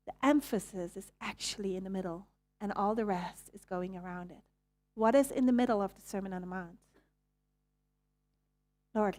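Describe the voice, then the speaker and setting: A woman's voice: mid-range voice, a little mellow. A woman with a Belgian Dutch accent preaching a sermon in a conversational way, asking the audience questions and correcting herself as she goes. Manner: restarts and self-corrections.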